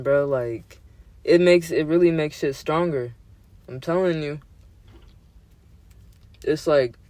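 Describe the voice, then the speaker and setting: A man's voice: a little high, dry recording. A young man in his twenties hosting a podcast, talking in casual chat with slangy, profane language that gets heated. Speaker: podcast host.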